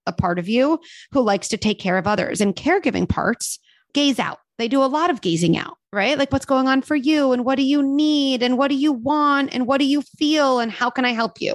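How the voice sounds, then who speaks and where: A woman on a podcast talking about parenting and self-care in a casual, animated way, with lots of fillers. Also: sits high, no room sound. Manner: animated, uses many fillers and acted quotes. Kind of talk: casual conversational advice.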